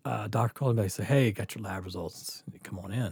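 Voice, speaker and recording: A man tells a story from his own life in a casual podcast chat. He acts out each person in it, drops to a near whisper, then rises into loud laughing bursts. The sound is dry and close to the mic. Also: fairly low pitch, fast talker, creaky, slightly rough, dry recording. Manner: animated, acts out quotes, laughs often. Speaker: guest storyteller.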